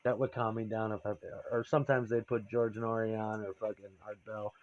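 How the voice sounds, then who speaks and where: A man's voice: lowish voice, little pitch movement, a little fast, muffled recording. A man telling a candid, rambling personal story, profane and confessional.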